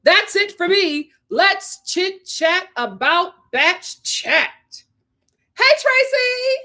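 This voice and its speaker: A young adult woman, hosting a casual live-stream commentary and ranting in a sassy, animated way with laughs. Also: extremely high pitch, drawn-out words. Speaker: host.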